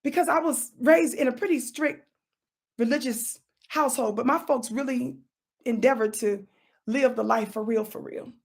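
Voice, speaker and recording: A woman hosting her own show, giving an animated, preachy commentary monologue, repeating words for emphasis and teasing her listeners with bursts of laughter. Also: fairly high pitch, moderate pace, vocal fry, breathy edge. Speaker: talk show host.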